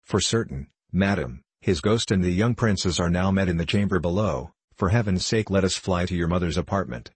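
A man reading the part of a young maid who gossips and frightens easily, in a husky, low voice. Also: normal speed, hardly any pauses, dry recording. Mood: chattering.

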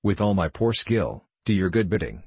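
Man doing a scared groveling old peasant guy, deep husky voice. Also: very animated, moderate pace, no echo, heavily acted. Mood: pleading. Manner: pleading, obsequious. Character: poor cringing old man, fawning and frightened.

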